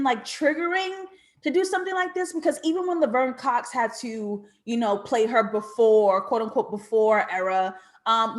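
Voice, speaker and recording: American woman, TV reviewer, fairly high voice, expressive, reflective, playful asides. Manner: reflective and questioning. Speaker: TV show reviewer. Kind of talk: animated video review commentary.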